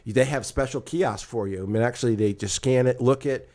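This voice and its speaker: Older male co-host, retired, spins animated anecdotes with acted-out dialogue. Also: medium pitch, fairly quick. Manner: animated, acts out dialogue in storytelling. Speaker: podcast co-host. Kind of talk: casual storytelling chat.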